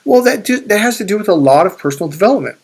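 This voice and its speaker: Rapid-fire and husky, a high male voice with lively intonation belongs to a spiritual and life coach. He coaches viewers through a loose, rambling story, swearing freely and often beginning sentences again.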